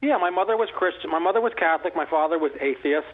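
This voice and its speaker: A man in his sixties, a guest author, telling stories in a rambling, animated way full of restarts. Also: a little high, fast. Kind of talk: casual conversational storytelling. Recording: phone-like narrow line.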